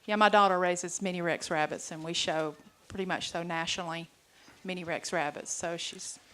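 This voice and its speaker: A woman on a panel, a farmer speaking casually and trailing off quietly. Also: lowish voice, steady tone, moderate pace. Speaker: panelist, farmer and tile artist. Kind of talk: panel discussion.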